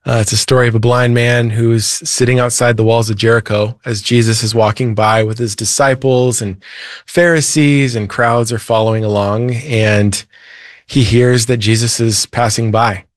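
A man's voice: medium pitch, fairly even intonation, normal speed, no room sound, studio quality. A man, a Christian author and preacher, earnestly retelling a Bible story as a guest in an interview. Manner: earnest, retells scripture with quoted voices.

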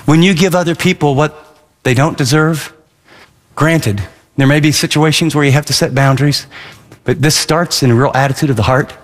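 Male radio preacher with a high voice, emphatic and chatty, in a hall with long reverb. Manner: emphatic, conversational preaching with acted-out asides. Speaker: pastor. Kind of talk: radio sermon.

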